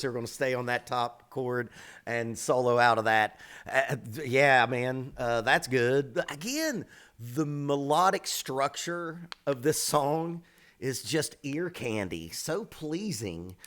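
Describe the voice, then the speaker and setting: A middle-aged man reacting to songs as a drum teacher, in a blunt, opinionated, casual voice of medium pitch. He swears freely and leans hard on words he cares about, breaking into sudden bursts of emphasis. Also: expressive, a little slow, a bit bright.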